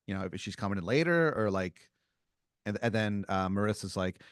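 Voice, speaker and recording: A man's voice: fairly low pitch, animated, fairly quick, no echo, studio quality. A man co-hosting a comedy podcast, spinning an improvised second-person story in a rambling way, full of fillers and restarts. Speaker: podcast co-host.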